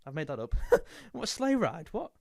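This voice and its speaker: A man's voice: a little high, very animated, measured pace, creaky, dry recording. Chatty young man, dry sound. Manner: jokey, snatches of sung lines. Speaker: music youtuber. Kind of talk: casual chat.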